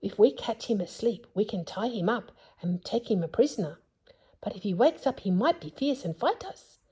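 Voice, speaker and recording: A woman voicing an anxious, excitable young girl in a storybook reading. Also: medium pitch, moderate pace, husky, pitched above the performer's own voice. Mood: hushed. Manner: urgent, excitable.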